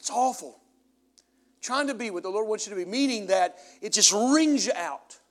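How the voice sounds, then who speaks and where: High-voiced man preaching a sermon. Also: lively intonation, moderate pace. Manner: swings from loud preaching to low confessional storytelling. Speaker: pastor. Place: church sanctuary.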